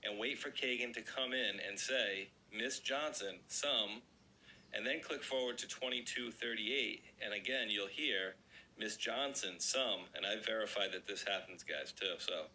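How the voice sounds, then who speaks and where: Man, slightly raspy, casual online commentary, bright tone, lowish pitch. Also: measured pace, slight background noise, low-quality recording. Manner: chatty, addresses viewers as guys. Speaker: online video host. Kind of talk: casual commentary, reading an article aloud.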